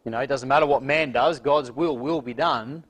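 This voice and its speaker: A man's voice: mid-range voice, a bit bright. Earnest man preaching an evening sermon. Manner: earnest, measured, with frequent fillers and throat clearing. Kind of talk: sermon with scripture reading.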